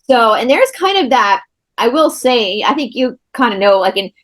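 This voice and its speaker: A woman's voice: a little high, very animated, normal speed. Chatty woman hosting a podcast. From Southeastern United States. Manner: chatty, rambling storyteller. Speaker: podcast host. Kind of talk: casual chat.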